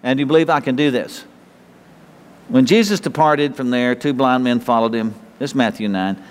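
A man's voice: mid-range voice, normal speed. A man preaching a sermon in a folksy, conversational way, often restarting phrases and chuckling. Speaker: pastor. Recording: reverberant hall.

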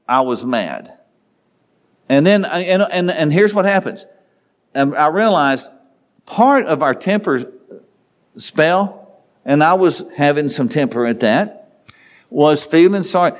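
A man's voice: on the high side, animated, slow, long pauses. A middle-aged man preaching a folksy devotional sermon, telling a homely story in a rambling way with many restarts.

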